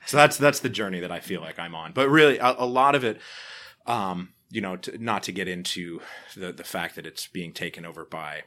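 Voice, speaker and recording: A man talking in a relaxed interview, telling stories with lively acted-out reactions and frequent laughs. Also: sits low, brisk. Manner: animated storyteller, acts out quoted reactions, laughs often. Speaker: podcaster guest. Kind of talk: casual interview chat.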